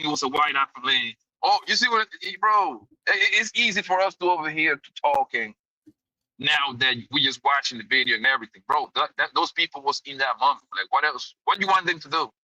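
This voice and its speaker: A man's voice: on the high side, expressive, a little fast, bright, forceful tone, no echo, low-quality recording. A man co-hosting a casual livestream, laid-back and full of slang.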